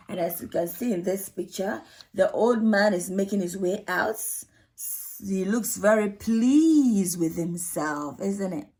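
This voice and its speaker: A woman's voice: medium pitch, unhurried, a little mellow. A woman who hosts her own channel, explaining storytime techniques to early years practitioners and often ending with "isn't it?". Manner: explanatory, asks tag questions.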